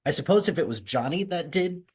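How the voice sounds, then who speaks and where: A man hosting a casual podcast chat over an internet call, rambling and relaxed with many restarts. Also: on the high side, a little fast, slightly rough. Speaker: podcast host. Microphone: remote call over internet.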